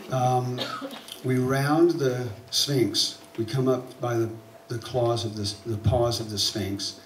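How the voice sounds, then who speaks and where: A man with a Southern accent tells a story on stage, animated and getting louder as the tension builds. His voice sounds roomy and a little distant, picked up from across a hall. There is a faint hum of ambience behind him. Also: mid-range voice, slow. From South Alabama. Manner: animated, building to loud excitement at tense moments. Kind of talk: live personal storytelling. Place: theater stage.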